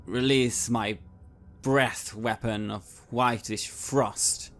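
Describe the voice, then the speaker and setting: A man's voice: medium pitch, steady tone, very slow, a bit bright. Decisive man declaring his moves. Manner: plain, decisive statements of action. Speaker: player. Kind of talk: tabletop game play.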